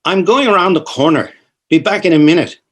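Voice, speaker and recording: A man voicing a gentle middle-aged husband who talks baby talk to his cat and speaks softly to his wife, in a storybook reading. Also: on the high side, lively intonation, a little fast, voice pushed up. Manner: fond, playful baby talk to a pet.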